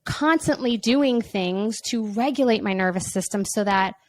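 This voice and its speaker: An energetic woman speaking as a guest on a podcast, talking fast and animated while she moves around on a balance board. Her voice sits at an ordinary pitch for a woman and comes across close and dry, with no room sound around it. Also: dry recording. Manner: energetic, fidgety, slips into acted voices. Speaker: podcast guest, burnout course teacher. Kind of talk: casual interview talk. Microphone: home setup, standing on a balance board.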